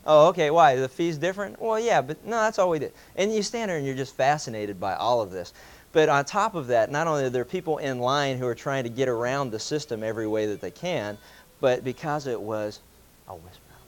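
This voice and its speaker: A man's voice: on the high side, slight background noise. A man telling a casual, anecdotal story to a group, acting out quoted voices and chuckling as he goes. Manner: animated, acts out quoted voices, chuckles between lines.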